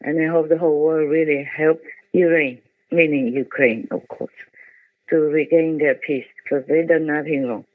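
A woman's voice: low voice, steady tone, normal speed, no room sound. An older woman and spiritual teacher speaking to her team on a conference call by phone. She talks with strong feeling and repeats words for emphasis. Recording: tinny phone line.

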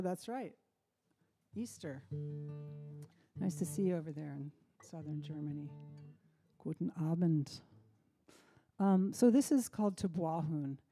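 Woman musician, host of her own fireside stream: mellow, relaxed, chatty, faint guitar behind. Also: lowish voice. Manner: relaxed, chatty, many ums and restarts. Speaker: singer-songwriter hosting a live stream. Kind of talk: casual chat between songs. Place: home by the fireside.

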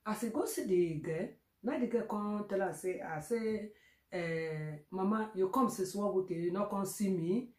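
A Nigerian woman recounts a story in a casual, animated vlog manner, with plenty of fillers and repeats. Her voice is mellow and warm. The sound carries a noticeable room echo. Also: medium pitch, a little slow. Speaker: vlogger.

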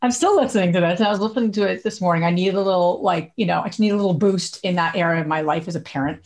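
A woman's voice: lowish voice, very fast. Chatty woman podcast co-host. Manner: chatty, animated storytelling with frequent laughs. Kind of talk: casual podcast chat.

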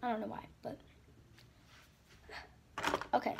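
A beauty vlogger chats casually while doing her makeup, flustered and talkative, often dropping into a whisper. Her fairly high voice is gravelly and level in tone, unhurried, and the recording is very noisy.

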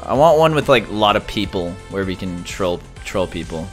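Excitable man chatting while gaming. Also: deep voice, moderate pace, faint music behind. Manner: excitable, blurts short reactions. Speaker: gaming YouTuber and streamer. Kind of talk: casual gaming chat on a voice call.

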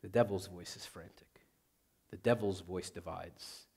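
Conversational priest preaching, soft to loud. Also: male voice, sits low, fairly even intonation, a little slow, creaky, breathy edge. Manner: conversational, says "like" often, swings from loud to very soft. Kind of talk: sermon.

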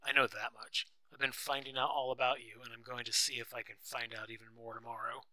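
A man reading the part of a brash, quick-tempered wealthy husband who shouts when angry. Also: mid-range voice, little pitch movement, dry recording. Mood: demanding.

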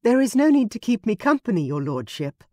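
A woman voicing a young, gentle but resolute heroine who speaks earnestly and with composure. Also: fairly high pitch, very animated, a little fast, dry recording, studio quality, voice pushed up. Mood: composed.

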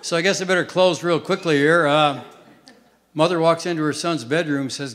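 Deadpan stand-up comedian, man. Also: on the high side, fairly quick. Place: theater stage with live audience. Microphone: stage microphone.

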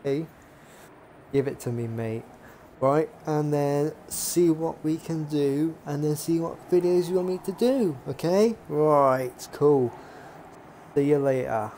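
A man's voice: on the high side, slow pace, dark tone, a little hiss or hum. A young man casually commenting on his gameplay as a gaming YouTuber, chatty and swearing now and then. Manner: chatty, swears, jokey asides.

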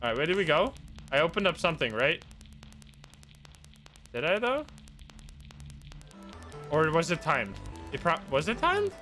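A man streaming a video game live, commenting excitably, laughing and swearing as he plays. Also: a little high, a little slow, long pauses. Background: game music.

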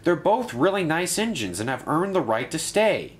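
Storybook lead: man voicing a patient tank engine, high, lively. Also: moderate pace. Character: friendly male tank engine, patient leader. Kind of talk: storybook narration.

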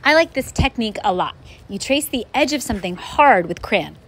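Woman, art teacher, picture book read-aloud, expressive, higher pitch. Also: brisk, slight background noise. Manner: expressive, animated storytelling.

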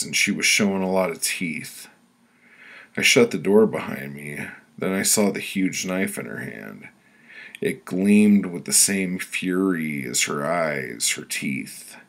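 A man reading his own story aloud in a deadpan, blunt manner, with sudden loud outbursts. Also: low-pitched, gravelly. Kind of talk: spoken-word storytelling.

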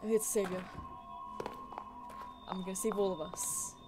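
A woman's voice: mid-range voice, steady tone, normal speed. Woman streamer, live gameplay commentary, thinks aloud and swears casually over game music.

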